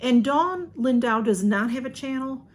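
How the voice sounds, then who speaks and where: A woman's voice: sits high, animated, moderate pace. Chatty woman opening mail. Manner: chatty, warm, many ums and y'alls. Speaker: vlog host. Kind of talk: casual chat while unboxing mail.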